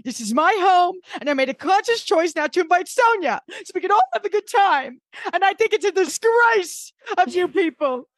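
Woman impersonating a shrill enraged hostess, high pitched and loud, dry sound. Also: lively intonation, normal speed, few pauses, no echo. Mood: indignant, shouting. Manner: shrill, indignant, shouting. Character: furious woman hostess ranting at guests.

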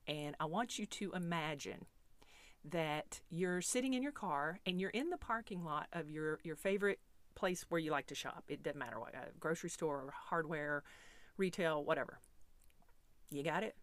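Woman coach, lowish voice, coaxing and playful, dry close recording. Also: no room sound. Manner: coaxing, playful, talks straight to the listener. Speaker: self-help coach. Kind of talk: guided visualization talk.

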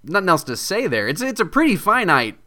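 A man who writes video games, talking as a guest in a casual podcast interview, animated and jokey as he tells stories. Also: high voice, brisk.

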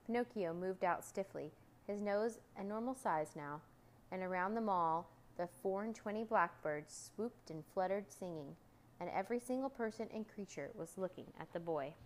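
A woman narrating a children's storybook, lively and expressive. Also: normal speed, low-quality recording. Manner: lively, voicing characters with raised pitch for shouts. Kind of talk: storybook reading aloud.

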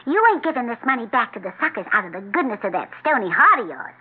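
An actress playing a skeptical, wisecracking frontier sweetheart in 1940s radio acting. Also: female voice, a little high, sing-song, fast talker, husky. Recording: tinny old radio broadcast.

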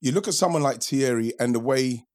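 Guy on a podcast, reflective storyteller, trips over his words a bit, mid-pitched voice. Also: brisk, a little mellow. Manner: reflective, repeats himself while storytelling. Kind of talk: casual chat.

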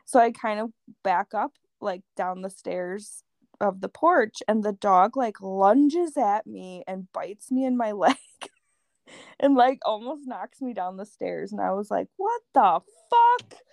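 A woman's voice: medium pitch, measured pace, vocal fry, dry recording, clean studio sound. A woman from telling a rambling, profane story in casual podcast chat, acting out the people in it. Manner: animated, profane, acts out other people's voices. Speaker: podcast guest.

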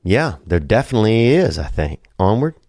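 A man talks in a deep, low register, drifting through loose jokes and asides as he hosts a podcast. His drawling delivery is relaxed and full of casual swearing. The sound is dry and close. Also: moderate pace, no room sound. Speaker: podcast host. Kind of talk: casual rambling podcast talk.

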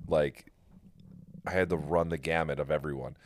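Super deep voiced guy on a podcast, dry close sound, tells it all animated, cusses a lot. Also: brisk, no echo. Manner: animated storytelling, swears freely. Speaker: podcast host and pro wrestler. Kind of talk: casual chat.

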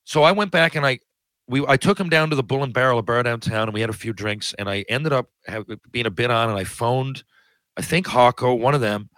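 A man's voice: mid-range voice, brisk, fairly bright tone, dry recording, rough recording. A man telling long, rambling anecdotes in a casual chat, often restarting his sentences. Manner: rambling, self-interrupting anecdotes. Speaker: podcast guest. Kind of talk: casual storytelling.

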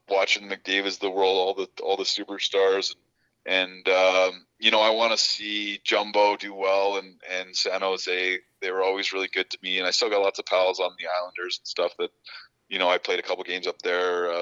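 Very deep-voiced man rambling in an interview. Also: pushed and bright, smooth, muffled recording. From Canada. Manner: halting, many restarts and fillers. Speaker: guest, former pro hockey player. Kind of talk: casual interview chat.

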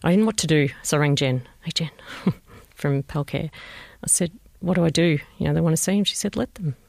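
A woman with an Australian accent, a mother gently recalling a painful family story in an interview and re-enacting what people said. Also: low voice, a little fast, creaky, dry recording, clean studio sound. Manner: reflective, gentle, re-enacts conversations. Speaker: bereaved mother telling her story. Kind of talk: personal recollection, interview.

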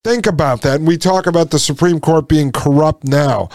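A man hosting a commentary show, talking to listeners with indignation and repeating his points. He slows down and drops low for emphasis. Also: darkish tone, no echo, clean studio sound. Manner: indignant, repeats lines, addresses listeners as folks. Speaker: podcast host. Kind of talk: impassioned commentary.

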